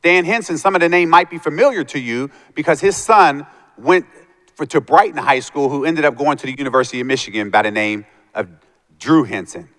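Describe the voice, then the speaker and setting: A man's voice: fairly high pitch, brisk, fairly bright tone. A man giving a motivational talk to students, telling his life story and acting out the voices of the people in it. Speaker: motivational speaker. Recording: long hall reverb.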